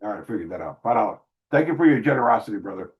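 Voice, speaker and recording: A middle-aged man with a fairly low voice, hosting a casual livestream Q&A. He reads out viewer messages and answers them plainly and candidly, peppering his talk with "bro" and "brother.". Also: sing-song, very fast, lo-fi sound. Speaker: livestream host reading super chats.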